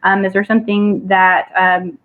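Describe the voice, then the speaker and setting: A woman's voice: mid-range voice, level tone, moderate pace. A woman moderates a training call, reading out questions from her team. She hesitates often and uses a lot of fillers. Her voice comes through a thin, phone-like line.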